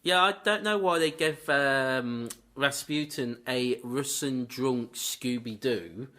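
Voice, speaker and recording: A man co-hosting a casual movie debate podcast, chatty and lively. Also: medium pitch, slow. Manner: lively, chatty, slips into goofy quoted voices. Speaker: podcast co-host.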